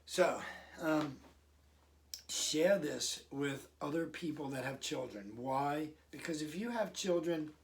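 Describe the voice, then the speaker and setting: A man's voice: a little high, animated. A man with a slightly raised voice talks parents through advice in an easygoing, conversational way, breaking into short acted-out lines of parent and child. He sits a bit back from the mic, so the sound is slightly distant. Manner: conversational, acts out parents and kids in quick asides. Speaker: parenting coach. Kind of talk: casual advice talk to camera.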